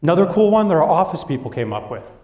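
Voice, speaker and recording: A man's voice: fairly high pitch, fast. A young man gives a business talk from a large hall, his slightly raised voice carrying a long, roomy reverb. He tells stories with energy and acts out his coworkers' lines as he goes. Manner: lively storytelling, acting out quoted coworkers. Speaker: business speaker. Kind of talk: presentation to an audience. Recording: echoey hall.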